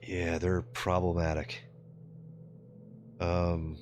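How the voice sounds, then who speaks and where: A man's voice: deep voice, flat delivery, drawn-out words, a little mellow, a little hiss or hum. A man live-streaming in casual chat, answering his viewers with loose, profane jokes and frequent laughter.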